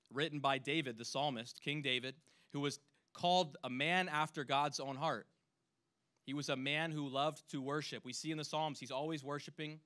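A man preaching a sermon as a youth pastor, earnest, dropping to a hush and then rising to loud emphasis. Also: medium pitch. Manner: earnest, swings between hushed and loud emphasis; acts out imagined voices when quoting.

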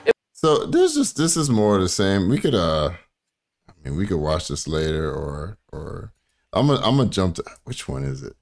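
A man's voice: low-pitched, huge pitch swings, normal speed, creaky. A man hosting a casual reaction stream who rambles, laughs and curses while hunting through clips. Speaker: streamer host.

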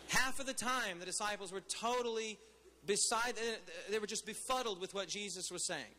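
Male pastor, high and bright voice, casual preaching style, echoing hall. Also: brisk. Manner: conversational preaching, asks the crowd questions. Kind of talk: sermon.

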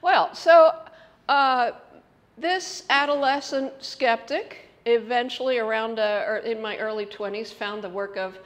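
A middle-aged woman giving a conference talk, telling lively personal stories and breaking into laughter as she explains an idea. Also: a little high, a little slow. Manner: animated storytelling with laughs and loud acted quotes. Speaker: conference speaker. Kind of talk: storytelling lecture.

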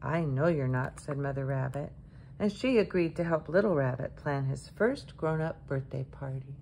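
A woman reading a children's picture book aloud in a gentle, expressive storytelling way. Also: low voice, normal speed, gravelly, a little hiss or hum.

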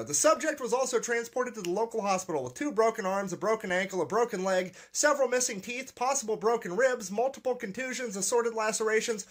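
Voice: medium pitch, animated, a little fast, hardly any pauses. A speaker reading a police report aloud in a clip, holding back laughter, with dry asides. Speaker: reader of a news story in a clip.

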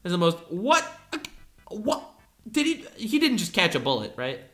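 A woman hosting a meme reaction video, exclaiming in disbelief and then giving flat mock-deadpan verdicts. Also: on the low side, normal speed, background noise. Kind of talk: casual reaction commentary.

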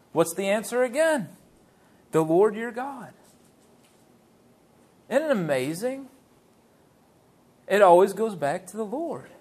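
High-voiced man preaching a lively sermon. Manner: lively preaching with rhetorical questions to the congregation. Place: church sanctuary.

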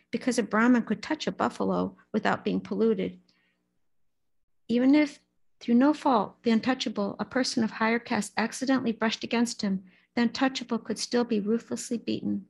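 A woman at a Buddhist service reading a story aloud in a steady, storytelling manner, sometimes stumbling on names. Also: medium pitch, vocal fry, breathy edge, poor audio. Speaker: lay speaker at a Buddhist service.

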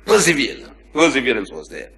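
Mid-pitched and creaky, the voice of this comparative religion lecturer moves a little fast. Before a live audience he tells anecdotes with animation, acting out their characters, and mixes joking with chiding his listeners.

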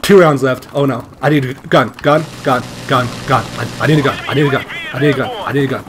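A man's voice: medium pitch, fast, heavy background noise. A young man giving casual, profane commentary while playing a shooter, yelping and laughing as he goes. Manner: excitable, profane, yelps and laughs. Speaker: gamer.

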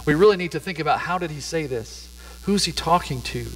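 A middle-aged man preaching with a somewhat high voice and an easygoing, chatty delivery. He tells stories like he is talking with friends. His voice carries a long reverb from the church hall around him. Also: a little fast, a little hiss or hum. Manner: conversational storytelling, laid-back. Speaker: pastor. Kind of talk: sermon. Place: church sanctuary.

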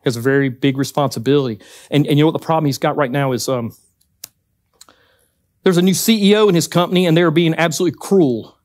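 A guest speaker at a church hall gives a folksy, emphatic, conversational sermon in a Southern US accent, dropping in joking asides. He talks fast, with a higher-pitched voice and darkish tone, recorded in clean studio sound with no room sound.

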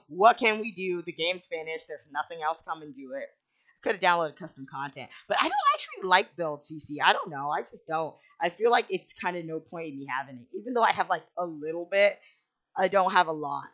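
Young woman, lowish but bright voice, chatty game-build commentary, meandering and self-mocking. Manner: rambling, self-deprecating, lots of "like". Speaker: gaming channel host. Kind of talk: casual speed-build commentary.

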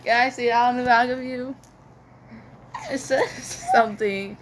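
A woman's voice: a little high, steady tone, measured pace, over a noisy crowd. A woman acting out a playful pretend story in a melodramatic, swooning and giggly way. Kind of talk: playful toy role-play.

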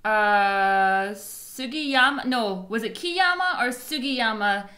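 A woman's voice: medium pitch, expressive, moderate pace, sharp tone. A Scottish woman co-hosting a reaction video in casual chat, chatty and self-mocking, laughing often. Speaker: reaction channel co-host.

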